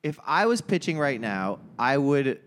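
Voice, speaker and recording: A man's voice: mid-range voice, measured pace, slight background noise. Profane, rambling young man hosting a podcast. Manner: profane, rambling, animated storytelling. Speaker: podcast host. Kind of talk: casual sports chat.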